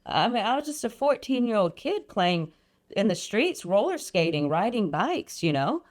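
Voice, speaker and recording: A woman guest on a podcast, earnestly recounting a personal experience, often pausing and restarting her sentences. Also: mid-range voice, sing-song, darkish tone. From Iran. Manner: earnest, halting, frequent restarts and ums. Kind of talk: personal storytelling.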